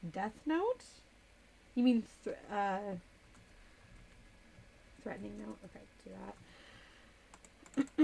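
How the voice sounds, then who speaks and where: A woman's voice: medium pitch, mellow. A woman streamer in casual live-stream chat, chatty and a little distracted as she reads chat aloud and types. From United States.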